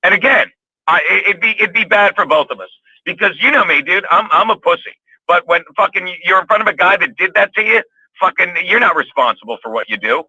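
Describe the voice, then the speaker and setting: A man's voice: sits high, expressive, brisk, sharp tone, husky, dry recording, dull audio. A man on a podcast, ranting in a rambling, heated way and swearing constantly. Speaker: podcast co-host. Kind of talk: profane casual podcast chat.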